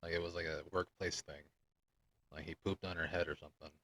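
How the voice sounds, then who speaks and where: A man's voice: sits low, flat delivery, brisk, fairly bright tone, low-quality recording. A young man co-hosting a podcast, chatting casually in a blunt, crude, joking way. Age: young adult. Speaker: podcast co-host. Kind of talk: casual chat.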